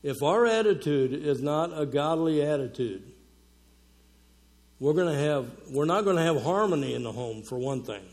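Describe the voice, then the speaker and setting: Here a conference speaker preaches to women in a relaxed, folksy manner, sprinkling in fillers and soft laughs. His voice is fairly high and darkish, with lively intonation and a moderate pace.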